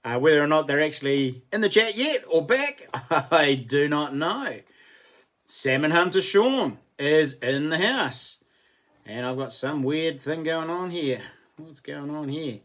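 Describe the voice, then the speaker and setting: A man's voice: fairly high pitch, animated, unhurried, a bit bright. A middle-aged man with a New Zealand accent, hosting a casual livestream chat, greeting and thanking viewers by name and laughing often. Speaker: livestream host.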